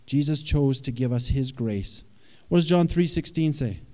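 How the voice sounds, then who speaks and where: A man's voice: mid-range voice, moderate pace, darkish tone, big-room sound. A man preaching a sermon in a conversational way, often checking in with his listeners. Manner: conversational, asks the audience questions.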